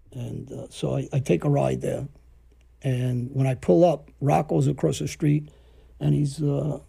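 A man's voice: on the high side, vocal fry, mellow, breathy edge. A man telling stories casually, rambling and acting out the dialogue he quotes. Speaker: podcast storyteller. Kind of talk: casual storytelling.

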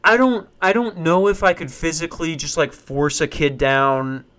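A man's voice: fairly high pitch, steady tone, moderate pace, fairly bright tone. Young man rambling with lots of swearing. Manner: rambling and profane, with frequent restarts. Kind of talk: casual comedic monologue.

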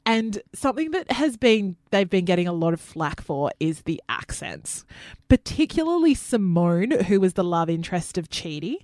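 Aussie woman cohost rambling along, lowish voice, dry close sound. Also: very animated, moderate pace, a little mellow, no room sound. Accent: Australian. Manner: chatty, rambling, laughs often. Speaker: co-host. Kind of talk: casual chat.

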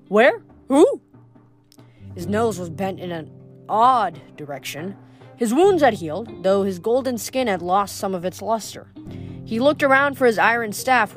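A woman reading a novel aloud, with occasional slips that she corrects as she goes. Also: mid-range voice. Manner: reads with small slips and self-corrections. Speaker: audiobook reader.

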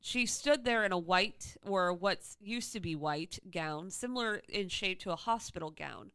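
Low, smooth-voiced woman reading a letter. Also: measured pace, a bit bright, no echo. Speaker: podcast co-host reading a listener's letter. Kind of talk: reading a listener email aloud.

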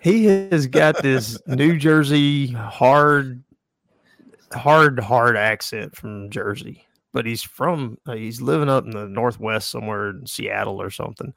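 A man with a gravelly, creaky mid-pitched voice spins a laid-back fishing story on a podcast. His humor is dry and unhurried. The recording is close and dry. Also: a bit bright, no room sound. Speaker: fly fishing guide, podcast co-host. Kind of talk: casual chat.

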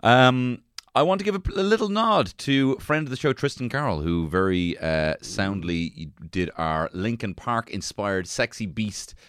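A man's voice: on the low side, expressive, measured pace, fairly bright tone, clean tone, dry recording, studio quality. A man, hosting a casual comedy podcast with jokey, playful banter. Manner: playful, jokey, swings between hamming it up and mumbling asides. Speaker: podcast host.

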